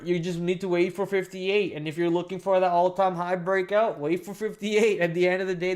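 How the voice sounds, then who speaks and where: Man with a lisp, slightly high voice. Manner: rambling, thinks aloud, self-correcting. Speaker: stock trading livestream host. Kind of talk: casual live market recap.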